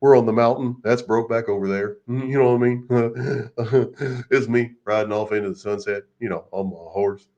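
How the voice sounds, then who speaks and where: A man's voice: mid-range voice, normal speed, mellow, dull audio, natural voice. A man voicing a mocked, whiny male cowboy reenactor with exaggerated sobbing and boasting. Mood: boastful.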